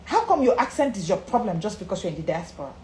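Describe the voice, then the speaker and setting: A woman coach speaks straight to her live viewers in an emphatic motivational talk, with pitch that rises and falls a lot. She repeats key lines for emphasis and greets viewers by name. The room sounds echoey, with a faint hum behind her. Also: big pitch swings, fast talker, darkish tone. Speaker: confidence coach.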